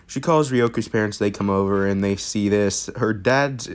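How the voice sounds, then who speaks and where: A man's voice: on the low side, moderate pace, clean tone. A young man casually improvising a fan-fiction story, rambling with fillers and jokes. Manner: rambling, full of fillers and restarts, jokey.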